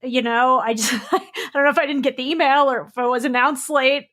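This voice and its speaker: A woman's voice: sits high, fairly even intonation, brisk, fairly bright tone. A woman podcast co-host talking in a casual, chatty, relatable way. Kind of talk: conversational podcast talk.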